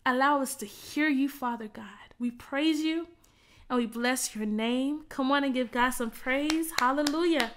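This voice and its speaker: A woman minister with a fairly high voice, praying fervently and filling her lines with soft murmured asides. Between prayers she talks to her online viewers in an easy, chatty way, urging them to type replies in the chat. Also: unhurried. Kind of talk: prayer and sermon on a virtual service.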